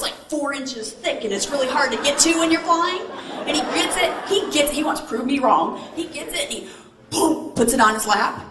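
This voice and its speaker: A woman motivational speaker telling a story to a live audience on a stage mic, animated and asking the crowd questions. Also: high-pitched. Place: large event hall. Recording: echoey hall with faint noise. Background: audience responses.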